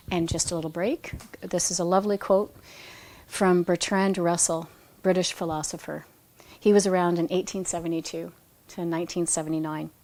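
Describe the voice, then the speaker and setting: A woman with a slightly low voice reads from her own book in a reflective, conversational way. She drifts from the text into personal stories and often restarts her phrases mid-thought. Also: a little mellow. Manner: self-correcting, restarts phrases. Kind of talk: book reading with spontaneous asides.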